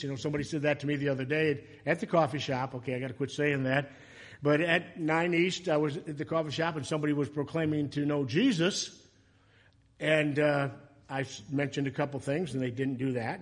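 A man preaching a sermon in a chatty, animated way, breaking into loud, emotional passages. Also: fairly high pitch, slightly rough. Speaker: pastor.

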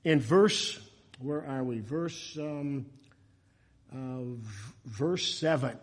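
A man preaching a sermon in a chatty, animated way, breaking into loud, emotional passages. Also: mid-range voice, drawn-out words, breathy edge. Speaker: pastor.

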